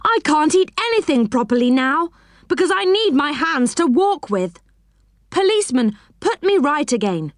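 A woman voicing a plucky young man in a storybook, talking in a lively, raised voice. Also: medium pitch, normal speed, dry recording, studio quality, natural voice. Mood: pleading.

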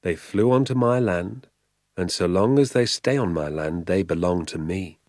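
A man doing a calm, quiet-spoken father. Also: low voice, moderate pace, dry recording, studio quality, natural voice.

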